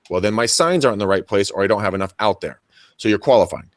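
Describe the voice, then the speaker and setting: A man's voice: on the low side, quick pace, dry recording. A man, a real estate agent co-hosting a show, coaching listeners with energy and acting out both sides of conversations with buyers. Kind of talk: energetic coaching talk with acted dialogue.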